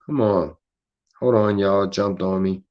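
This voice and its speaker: A man's voice: sits low, measured pace, muffled recording. A man hosting a casual livestream, laid-back and profane, reading the chat aloud. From Philadelphia. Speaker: livestream host.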